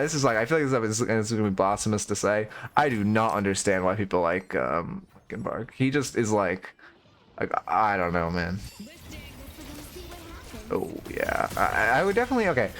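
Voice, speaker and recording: A man's voice: lowish voice, animated, moderate pace, fairly bright tone. A man giving casual live-stream coaching commentary on a video game, blunt and opinionated, swearing freely.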